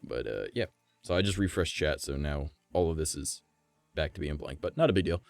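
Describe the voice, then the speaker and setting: A man streaming from home, chatting casually with a gravelly, vibrating voice, rambling and swearing. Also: very deep voice, lively intonation, fairly quick, darkish tone, no room sound, soft background music. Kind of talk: casual live-stream chat.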